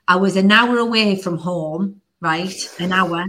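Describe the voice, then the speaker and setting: A woman's voice: on the low side, unhurried, hardly any pauses, a bit bright. A Northern English woman in her thirties hosting a podcast. She chats casually and rambles through stories with lots of fillers. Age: 30s. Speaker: podcast host. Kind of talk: casual chat.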